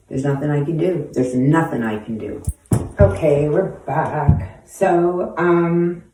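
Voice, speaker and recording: A woman's voice: a bass voice, mellow. Blunt, foul-mouthed woman in an echoey room. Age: 40s. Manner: blunt, heavily profane, street slang. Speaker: host answering viewer questions. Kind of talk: casual storytelling monologue. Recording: echoey room, voice far from mic.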